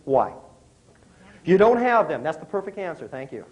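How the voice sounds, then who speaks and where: A middle-aged man gives a motivational talk to a live audience, in a voice a bit higher than most men's. He speaks conversationally, asks the crowd questions and works jokes into his points. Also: sing-song, moderate pace, dull audio.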